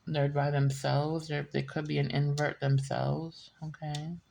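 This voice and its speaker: A woman's voice: sits low, level tone, a little slow, vocal fry, mellow, a little hiss or hum. A woman giving a casual, rambling reading, often laughing and drifting into side stories. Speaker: tarot reader. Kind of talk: casual chatty reading monologue.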